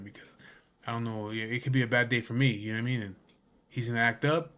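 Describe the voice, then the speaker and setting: A man's voice: mid-range voice, fairly even intonation, quick pace, a bit bright. A man telling a personal story to camera in a casual, blunt way, swearing often and asking "you know what I mean". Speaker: vlogger.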